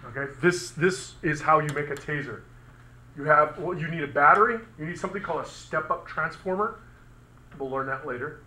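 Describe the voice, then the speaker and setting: Guy teaching physics to a class, bright voice a bit on the high side, loose and chatty, echoey room. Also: fairly quick. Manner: casual, chatty, makes sound effects and asks the class questions. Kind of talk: classroom lecture.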